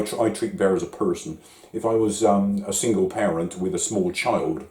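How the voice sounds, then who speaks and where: A man talks slowly and haltingly, stumbling and restarting as he goes. His voice is very deep and dark, with a roomy echo around it. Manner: hesitant, many restarts and fillers. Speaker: vlogger. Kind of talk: reflective talk to camera.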